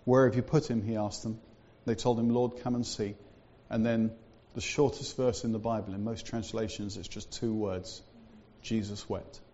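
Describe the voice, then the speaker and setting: A man preaching in a church with a mellow, dark voice, easygoing and conversational, full of little asides. The sound is a bit dull and lo-fi. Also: fairly low pitch, steady tone, normal speed, few pauses, slight background noise. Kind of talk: sermon.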